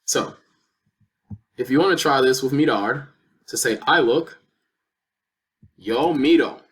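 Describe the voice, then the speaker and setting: A man's voice: mid-range voice, takes it slowly, a bit bright. A man teaching a lesson, explaining step by step with patient repeated examples. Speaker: Spanish teacher. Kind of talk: lesson explaining verb conjugation.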